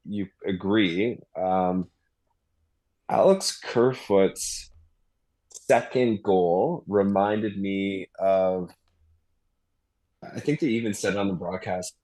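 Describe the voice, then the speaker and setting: A man with a very deep voice co-hosts a laid-back post-game stream. He talks in easygoing slang and often restarts his sentences. The sound is dry, with no room echo. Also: darkish tone. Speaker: co-host.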